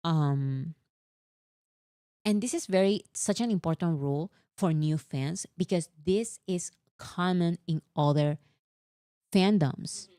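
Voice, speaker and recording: A woman with a fairly low voice talks through a casual fan chat, animated and a little exasperated, piling on fillers as she over-explains. The sound is dry and close, with no room echo. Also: takes it slowly, smooth. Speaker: co-host.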